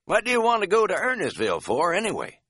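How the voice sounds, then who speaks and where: A man's voice: high voice, huge pitch swings, fast, pushed and bright, slightly rough, no room sound, clean studio sound, voice pushed up, heavily acted. A man voicing a feisty older cab driver who barks and jokes in a folksy way. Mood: feisty amused. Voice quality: barking, folksy. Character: feisty older male backwoods cab driver, gruff and joking.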